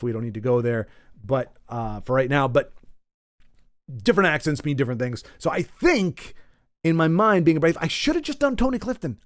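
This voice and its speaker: A man hosting a podcast with a slightly high voice, wandering through a comic story in an animated way. He trails off, catches himself and adds self-deprecating asides. The sound is dry and close, with no room around him. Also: no echo. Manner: pained yelps while wincing. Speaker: podcast host. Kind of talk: rambling comedic storytelling.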